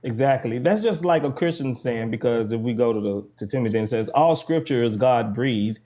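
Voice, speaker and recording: A man's voice: medium pitch, normal speed, dark tone. A man co-hosting a debate chat, emphatic and mocking as he imitates an opponent.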